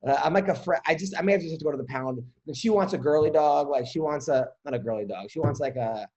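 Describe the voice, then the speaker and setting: A man's voice: fairly high pitch, fast, warm tone, highs cut off. A man hosting a podcast, chatting casually, joking and rambling, with some swearing. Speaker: podcast host. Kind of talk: casual comedic chat.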